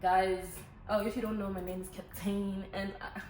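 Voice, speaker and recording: A chatty young woman, talking to her viewers in a lively, casual way. Her voice carries the echo of a bare room, with a faint hum of ambience behind her. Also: medium pitch, normal speed. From Botswana. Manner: chatty, animated, switches languages. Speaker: vlogger. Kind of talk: casual Q&A chat to camera.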